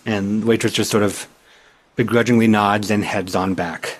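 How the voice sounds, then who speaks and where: A man's voice: on the low side, steady tone, normal speed. A man narrating as game master in a loose, casual way, with many fillers.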